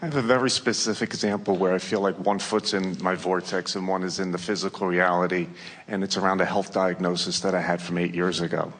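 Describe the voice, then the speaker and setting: Low-voiced guy asking a question at a seminar, kinda hesitant, echoey hall. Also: flat delivery, fairly quick, fairly bright tone. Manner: earnest, hesitant, searching for words. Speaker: audience member asking a question. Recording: long hall reverb.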